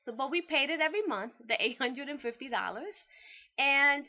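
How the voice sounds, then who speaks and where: A woman's voice: high voice, animated, normal speed, pushed and bright, full character voice. A woman voicing a defiant, fed-up woman tenant who speaks firmly and insistently. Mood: complaining. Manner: firm, insistent. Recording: dull lo-fi recording.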